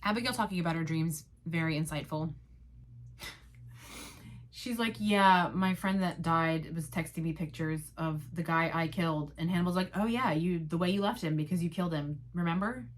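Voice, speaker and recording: A young woman hosting a casual solo podcast, recapping a show in a sarcastic, swearing way with quick mock voices for the characters. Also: sits low. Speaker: podcast host.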